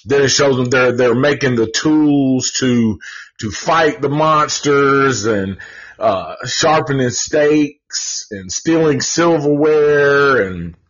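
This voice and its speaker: Male host, casual live film review, slow and profane, husky, dull lo-fi sound. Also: medium pitch, a bit bright. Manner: rambling, profane, many fillers and restarts.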